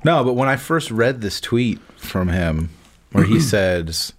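A man in his forties co-hosting a podcast, teasing and swearing freely in casual chat, quick to laugh. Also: lowish voice, expressive. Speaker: podcast co-host.

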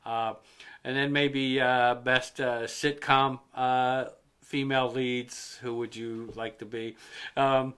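A man's voice: medium pitch, flat delivery, takes it slowly, fairly bright tone, smooth. A man hosting a casual podcast, rambling and joking with crude language. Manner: rambling, joking, profane storyteller. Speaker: podcast host.

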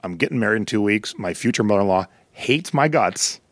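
Lower-voiced man telling record store stories. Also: a little fast, no room sound, clean studio sound. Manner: storytelling, animated quoted voices. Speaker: podcast co-host. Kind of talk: casual chat.

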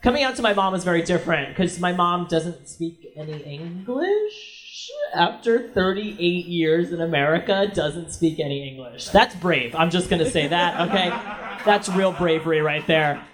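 A man from Brooklyn doing profane, animated stand-up comedy on a club stage. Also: high voice, moderate pace. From Brooklyn, New York. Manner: brash, profane, animated storytelling. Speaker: stand-up comic. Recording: crowd noise from live audience. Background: audience laughter.

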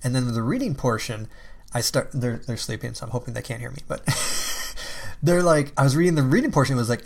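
A man in casual conversation who laughs often and lets swear words slip freely. His voice sits at an everyday pitch. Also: animated, fast talker, creaky. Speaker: parent. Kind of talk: casual chat.

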